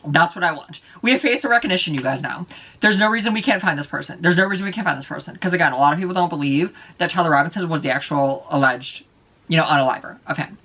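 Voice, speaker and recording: A man's voice: on the high side, quick pace, pushed and bright. A man vlogging alone, ranting heatedly with heavy profanity and repeating his points. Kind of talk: casual solo vlog rant.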